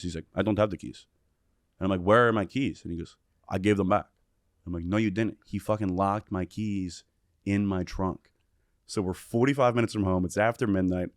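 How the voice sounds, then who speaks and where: A man with a lowish voice tells a rowdy story on a podcast mic, swearing freely and jumping into the voices of the people in it. The sound is dry and close, with no room around it. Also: dry recording. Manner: animated, profane, acts out quotes. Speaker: podcast guest. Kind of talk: casual storytelling.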